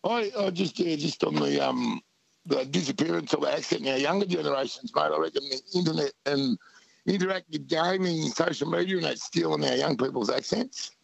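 A man's voice: fairly high pitch, a little fast, gravelly, low-quality recording. An Australian man calling in to a radio show, chatting casually and rambling through anecdotes, often saying mate. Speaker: caller. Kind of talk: casual call-in chat.

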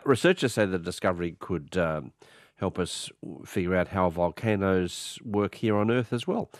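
A man hosting an evening radio talk show, his voice husky and a bit hoarse, chatty and hesitant with many restarts. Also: lowish voice, no room sound, studio quality. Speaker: radio host.

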